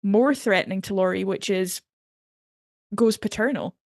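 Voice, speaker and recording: A woman from the United Kingdom co-hosting a podcast in casual chat, animated and acting out quotes as she talks. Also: medium pitch, normal speed, no room sound, clean studio sound. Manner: animated, acts out quotes in voices. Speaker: podcast co-host.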